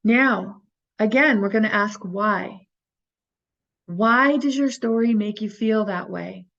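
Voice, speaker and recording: A woman's voice: mid-range voice, takes it slowly, creaky, a bit bright, dull audio. A woman teaching a recorded course, talking earnestly and coaching her listeners with rhetorical questions. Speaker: teacher of an inner-child healing course.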